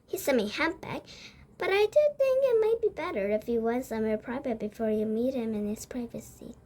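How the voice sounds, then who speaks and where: A woman reading aloud takes the part of a calm, determined old grandmother in a storybook. She talks steadily and patiently, in a high, lively voice. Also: brisk, slight background noise, close to an everyday voice.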